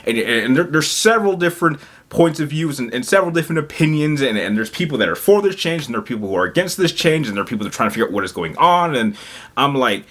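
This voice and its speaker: A gaming YouTuber rants casually on his vlog in a high, sing-song, fairly bright voice at a quick pace. He's agitated and emphatic, rambling, stumbling, repeating words and restarting often.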